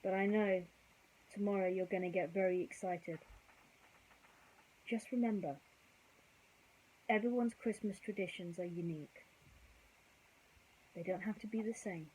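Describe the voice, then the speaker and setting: A woman reading a bedtime story aloud, gentle and chatty, with casual asides to young listeners. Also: medium pitch, a little slow, long pauses, breathy edge, low-quality recording.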